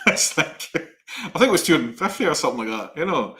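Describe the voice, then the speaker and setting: A middle-aged man co-hosting a chat show, telling rambling personal anecdotes in a lively way. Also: on the high side, quick pace. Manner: animated, rambling anecdotes with laughs. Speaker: co-host. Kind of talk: casual storytelling chat.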